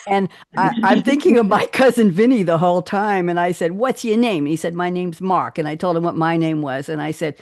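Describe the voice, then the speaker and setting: A chatty woman with a New York accent hosts a talk show and tells stories with easy laughter. Her voice sits fairly low. The sound is close and dry. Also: brisk, a little mellow, no echo. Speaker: host. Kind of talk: casual chat.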